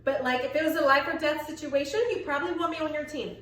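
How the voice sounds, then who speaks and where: A bubbly woman with a high voice chats playfully in a casual family vlog, teasing her partner. She is recorded from a distance in an echoey room. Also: steady tone, fast, fairly bright tone. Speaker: vlog co-host. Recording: echoey room, mic far off.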